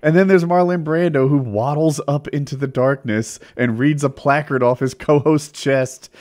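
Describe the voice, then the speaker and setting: A man co-hosting a podcast in casual chat, animated and self-mocking, laughing often. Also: fairly high pitch, moderate pace. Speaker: podcast co-host.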